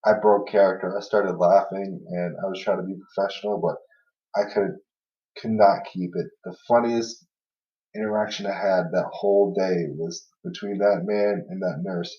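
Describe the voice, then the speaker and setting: A man's voice: sits low, fairly even intonation, normal speed. Laid-back man telling work stories. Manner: laughs while telling stories, many "you know" and "everything else" fillers. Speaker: podcast host. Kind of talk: casual storytelling chat. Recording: echoey room, far from mic, dull lo-fi sound.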